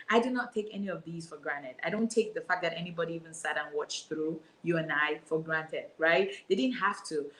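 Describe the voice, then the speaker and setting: A woman's voice: fairly low pitch, a bit bright, reverberant, a little hiss or hum, low-quality recording. A woman in her thirties speaking as an interview guest, effusive and full of gratitude, often repeating her words as she talks. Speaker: guest, business owner. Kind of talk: emotional interview talk.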